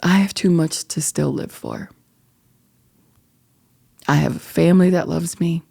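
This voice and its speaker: A middle-aged woman with a dark, gravelly, husky voice. She talks in an earnest, reflective way as host of her own podcast, often sinking into near-whispers. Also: low-pitched, a little slow. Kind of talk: personal reflective monologue.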